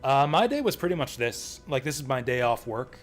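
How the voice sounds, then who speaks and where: A male streamer chatting casually over his gameplay at a mid pitch, rambling and joking with lots of chuckles. Faint game music drifts in behind him. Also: very animated, fairly quick.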